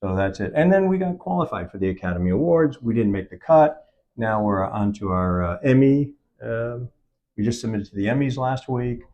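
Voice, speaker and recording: Animated man telling a story. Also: mid-range voice, moderate pace, highs cut off. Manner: animated storytelling, acts out quoted dialogue. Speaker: film producer. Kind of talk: on-set interview. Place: event set.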